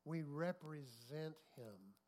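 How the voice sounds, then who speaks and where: A man's voice: fairly high pitch, lively intonation, takes it slowly, darkish tone. A male pastor preaching a sermon, telling a story and often asking the congregation for an amen. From United States. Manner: storytelling, acting out quotes, asking the congregation for amens.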